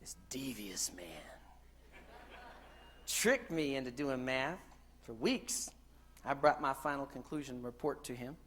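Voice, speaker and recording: A man from the United States giving a conference keynote in a lively, joking storytelling way, asking the crowd questions. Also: mid-range voice, normal speed. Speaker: keynote speaker. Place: conference hall stage.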